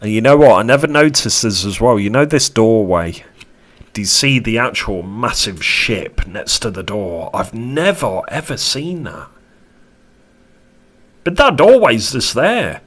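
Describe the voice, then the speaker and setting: A man giving a casual tarot reading to camera, chatty and animated, with casual swearing. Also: mid-range voice, measured pace, pauses often. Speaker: tarot reader.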